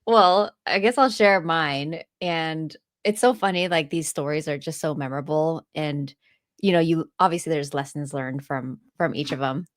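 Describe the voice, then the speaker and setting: Low-voiced woman telling a story. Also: normal speed, no echo, studio quality. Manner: laughs often, animated retelling. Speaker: podcast co-host and landlord. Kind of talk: casual storytelling chat.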